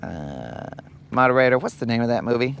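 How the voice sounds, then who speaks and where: A young man hosts a live fishing stream from a boat on a lake, chatting in a slow, rambling, joking way. His medium-pitched voice swings widely in pitch, with vocal fry, a bit of brightness, and slight background noise.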